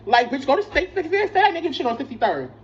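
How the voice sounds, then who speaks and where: A woman's voice: sits high, sing-song, very fast. A young woman telling a rambling, profane storytime, full of restarts and fillers. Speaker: vlogger. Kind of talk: casual storytime. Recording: slightly dull lo-fi sound with faint noise.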